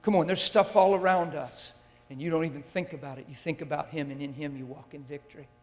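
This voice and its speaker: Male preacher, high-ish voice, fiery and emphatic, long hall reverb on the mic. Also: fairly even intonation, fast. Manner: intense and emphatic, with rhetorical questions to the audience. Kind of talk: sermon. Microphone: handheld or stand mic.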